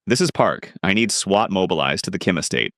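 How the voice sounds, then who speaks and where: Man reading as a gruff skeptical detective, low voice, dry sound. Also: animated, brisk, a bit bright, no room sound.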